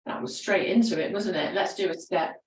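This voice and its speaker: A woman leading a gentle exercise class, encouraging and chatty, laughing often between cues. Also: fairly low pitch, brisk, far from the mic. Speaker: fitness instructor. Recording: roomy echo, voice from away from the mic.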